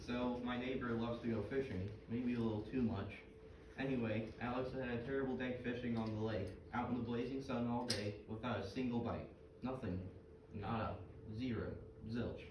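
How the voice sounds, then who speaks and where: A folksy middle-aged fisherman full of useless trivia and groan-worthy jokes, played by a male actor in a stage skit. His voice sits at an ordinary pitch but comes from a distance in a roomy, echoing space. Steady background noise runs under it. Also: normal speed, lo-fi sound, close to an everyday voice. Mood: storytelling. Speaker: actor in a two-person comedy skit. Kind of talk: scripted comedic dialogue.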